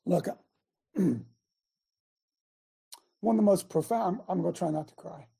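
An older man preaches with fervor and folksy plainness, hammering points by repetition. His voice is gravelly and dark, with a husky grain that roughens his louder pleas. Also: sits high, unhurried. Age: 60s. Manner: impassioned, folksy, repeats for emphasis. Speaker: preacher and show host. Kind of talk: sermon.

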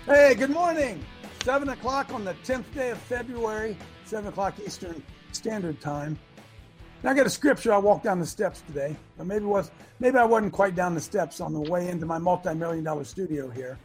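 A man hosting a talk show, giving a folksy, preachy monologue with many restarts that builds to shouting. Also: high voice, normal speed, faint music behind. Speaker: host.

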